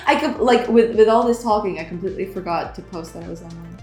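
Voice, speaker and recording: A woman's voice: mid-range voice, a little mellow. Young woman streamer rambling and giggling a lot, tripping over words, roomy echo, faint music in the back. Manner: giggly, laughs often, trips over words. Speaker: game developer streamer. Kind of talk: casual livestream chat, greeting viewers.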